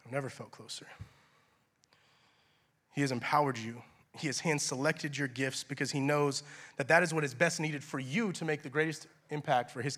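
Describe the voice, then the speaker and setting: A male pastor preaching in an earnest, conversational way, with plenty of casual fillers. His voice sits fairly high and sounds bright and forceful. He often drops to a soft, hushed tone when he turns to prayer. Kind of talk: sermon.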